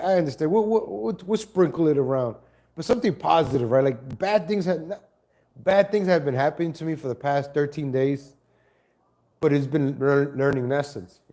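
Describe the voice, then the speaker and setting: A man's voice: a little high, dark tone. A man hosting a casual live stream from home on a laptop mic, rambling and correcting himself as he greets viewers. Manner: rambling, self-correcting, chats to viewers and cat.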